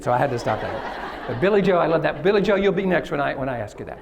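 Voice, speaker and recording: A Texan from Kilgore works the crowd during a conference keynote, cracking jokes and asking questions. He talks at a quick pace in a high-leaning, gravelly, very animated voice, with slight background noise.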